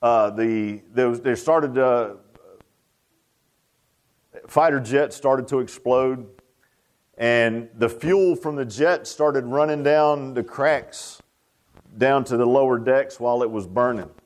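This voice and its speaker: An older man preaching a sermon in a folksy, animated way, repeating phrases for emphasis. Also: mid-range voice, takes it slowly, pauses often. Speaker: pastor.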